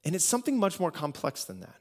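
A man's voice: on the high side, wildly swooping pitch, quick pace, a little mellow. A pastor from the United States giving a conversational sermon, asking rhetorical questions and often repeating phrases as he builds a point.

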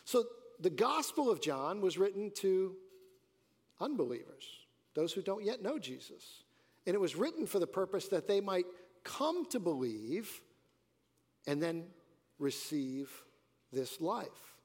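Male pastor, mid-high voice, earnest sermon delivery with swelling and hushed emphasis, reverberant sanctuary. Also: big pitch swings, a little slow. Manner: earnest preaching, rising and dropping emphasis. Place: church sanctuary. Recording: church hall reverb.

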